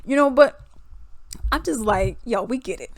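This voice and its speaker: A woman's voice: fairly high pitch, lively intonation, moderate pace, no echo, clean studio sound. A young woman, giving casual music commentary, laughing often and mocking songs in singsong voices.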